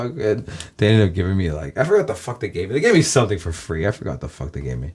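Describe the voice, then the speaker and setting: A man's voice: low voice, very animated, fast, darkish tone, slightly rough. A man from Los Angeles with a Californian American accent, rambling to his viewers in a casual, profane monologue full of "guys". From Los Angeles, USA. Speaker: vlogger.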